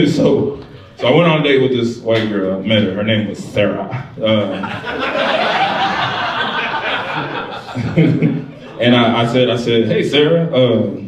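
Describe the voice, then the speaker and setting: Profane stand-up comedian in an echoey club. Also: male voice, mid-range voice, takes it slowly, pauses often. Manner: profane, animated storytelling. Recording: echoey club, distant mic, loud crowd. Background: crowd laughter.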